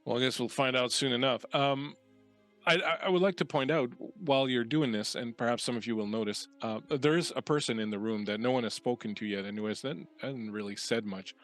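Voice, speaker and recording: A man's voice: medium pitch, fairly quick, a bit bright, soft background music. A man as game master, narrating a tabletop game in a casual, explaining way.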